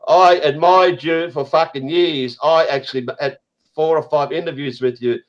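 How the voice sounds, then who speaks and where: A man's voice: a little high, fairly even intonation, normal speed, muffled recording. A man hosting a casual online group chat, ranting heatedly and swearing often. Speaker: host.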